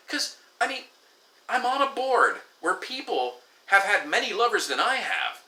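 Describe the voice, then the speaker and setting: A man's voice: very high-pitched, lively intonation, measured pace, pushed and bright. A man vlogging an exasperated, profane rant, acting out the exchanges he quotes. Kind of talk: ranting storytelling to camera. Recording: echoey room.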